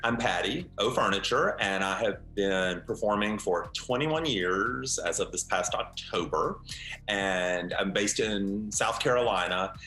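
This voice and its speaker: A man and longtime drag performer giving an animated, explanatory interview. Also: fairly low pitch, measured pace, faint music behind. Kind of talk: documentary interview. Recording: roomy echo.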